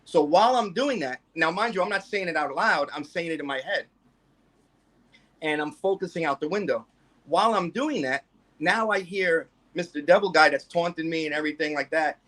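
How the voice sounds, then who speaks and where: A man's voice: a little high, normal speed, a bit bright. A man guest telling a personal story in a rambling way, full of fillers and restarts.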